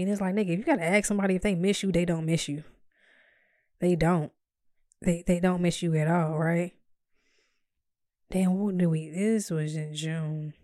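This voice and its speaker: A woman's voice: on the low side, a little mellow, no room sound. Blunt, profane woman telling a story. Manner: blunt and profane, acts out her own quoted lines; dry, exasperated humor. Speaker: vlogger telling a personal story. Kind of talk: candid storytime monologue.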